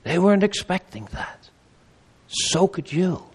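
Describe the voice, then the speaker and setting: Slow-preaching high-voiced male pastor. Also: lively intonation, slightly rough. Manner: preaching with wide swings between loud high appeals and low quiet pleas; slow, measured delivery with pauses and repeated phrases. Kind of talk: sermon.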